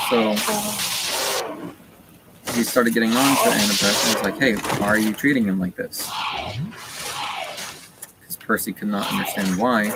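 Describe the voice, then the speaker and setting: Low-voiced man rambling over background noise. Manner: rambling, full of "like" and "uh" fillers. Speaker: gamer retelling a story while playing. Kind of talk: casual rambling retelling.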